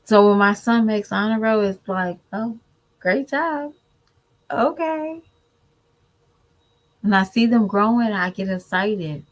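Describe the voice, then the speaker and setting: A woman's voice: mid-range voice, moderate pace, few pauses, poor audio. A woman giving candid, preachy commentary to her viewers in a casual vlog. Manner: candid, preachy, animated mimicry. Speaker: vlogger.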